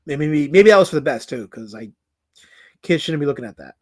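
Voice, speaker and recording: A man's voice: a little high, animated, a little fast, darkish tone. A man streaming live as a comic creator, reading out chat comments in a rambling way that is full of stuttered repeats.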